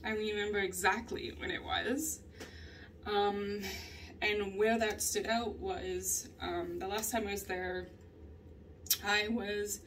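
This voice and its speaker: A woman's voice: medium pitch, far from the mic, a little hiss or hum. A young woman talking candidly in a personal journal vlog, rambling and laughing often as she tells her story. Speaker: vlogger.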